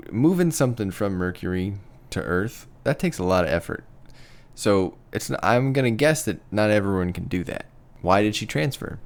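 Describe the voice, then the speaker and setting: Low gravelly guy cohosting a podcast, kinda hesitant, chatty. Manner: hesitant, apologetic about pronouncing names. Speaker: podcast co-host. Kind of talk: casual podcast chat.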